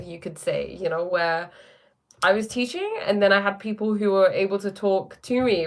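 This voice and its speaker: A woman's voice: mid-range voice, a bit bright. A woman with an English accent, a spiritual teacher chatting casually on a live stream, reading viewer comments aloud and answering them. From England.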